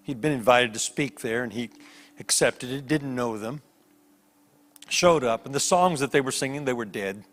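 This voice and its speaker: A man preaching a sermon as a guest preacher, telling stories with lively voiced characters. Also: mid-range voice, moderate pace. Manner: animated storytelling with voiced characters. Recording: long hall reverb.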